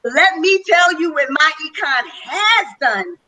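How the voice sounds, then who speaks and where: A woman's voice: high-pitched, expressive, unhurried, pushed and bright, rough recording. A woman speaking as a panel guest on a webinar, telling her personal story with enthusiasm. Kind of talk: testimonial on a webinar call.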